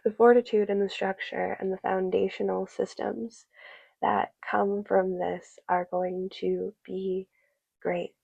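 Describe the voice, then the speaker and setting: A woman giving a soft, meandering tarot reading, full of fillers and a little teary. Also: mid-range voice, flat delivery, slow pace, creaky, husky, no echo, muffled recording. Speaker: tarot reader.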